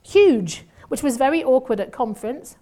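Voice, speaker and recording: A woman's voice: medium pitch, normal speed, a little mellow. A woman, a former nurse sharing a testimony sermon in a chatty, self-mocking way with asides. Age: 50s. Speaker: church speaker and former nurse.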